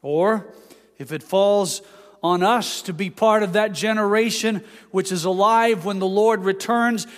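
A pastor giving a sermon, explaining scripture and reading passages aloud. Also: male voice, high voice, a little slow, big-room sound. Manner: expository preaching, reads scripture aloud.

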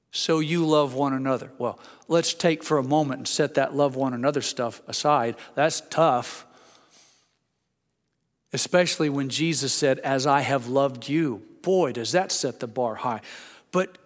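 A male pastor preaching a sermon, emphatic, rising to loud exclamations and dropping low. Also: measured pace. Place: church sanctuary. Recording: church hall with long reverb.

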